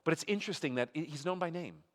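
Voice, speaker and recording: A pastor teaching a Bible study talks fast and animatedly in a fairly high voice. In the church sanctuary, where a long hall reverb trails his words, he reads scripture aloud with emphatic rises and speaks conversationally, with asides to the congregation.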